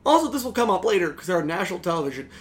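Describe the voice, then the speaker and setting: A young man co-hosting a podcast, ranting casually about a video game in a sarcastic, animated way, swearing freely and acting out lines. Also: sits high, rapid-fire. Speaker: podcast co-host. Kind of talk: casual game critique chat.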